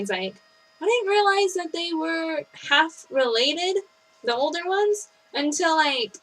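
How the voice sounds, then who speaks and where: A woman in her twenties vlogging casually to camera, telling stories with animated, mock-outraged energy. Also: high-pitched, a little slow, poor audio. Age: 20s.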